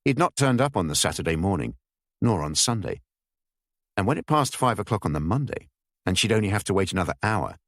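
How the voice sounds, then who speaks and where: Deep-voiced male audiobook narrator. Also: no echo, clean studio sound. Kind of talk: scripted narration.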